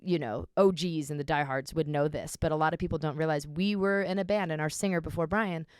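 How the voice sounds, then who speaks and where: A woman who plays drums, a guest on a podcast, telling stories in animated casual chat and laughing often. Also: low voice, fairly quick, smooth, no echo, clean studio sound. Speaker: drummer guest.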